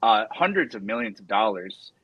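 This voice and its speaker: A man talking deadpan with lots of hesitant fillers, casually trolling in an online chat. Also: on the low side, moderate pace, breathy edge, dry recording, muffled recording.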